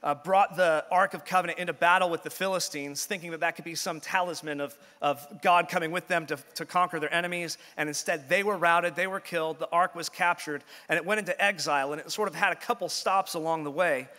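A man's voice: on the high side, steady tone, a little fast, hardly any pauses, sharp tone. A man preaching a sermon as pastor in a church, earnest, with frequent restarts. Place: church sanctuary. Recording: long church-hall reverb.

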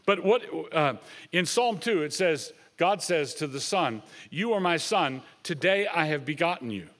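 A man's voice: a little high, animated, a little slow, a bit bright. A man preaching a sermon with a voice that sits a little above the usual male range. He explains scripture in an earnest, teaching way, reading passages aloud as he goes. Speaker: pastor.

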